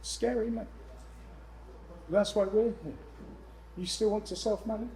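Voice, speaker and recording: A man presenting to a room of landlords, lively and jokey with exasperated asides. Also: high-pitched, a little slow, a little hiss or hum, rough recording. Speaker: letting agent speaking at a landlord event. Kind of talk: live seminar presentation.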